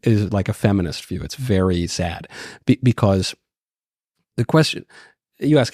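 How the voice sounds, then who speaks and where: A man's voice: lowish voice, measured pace, dry recording, clean studio sound. A man in his thirties, a podcast guest telling stories in casual, joking chat. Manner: lively, joking, lots of restarts.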